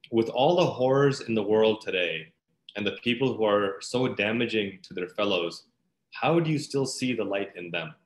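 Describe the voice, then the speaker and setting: A male interviewer with a low voice asks careful, thoughtful questions at a measured pace. His voice carries a noticeable echo, as if he is recording in a bare room. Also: a bit bright. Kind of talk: conversational interview. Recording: echoey room.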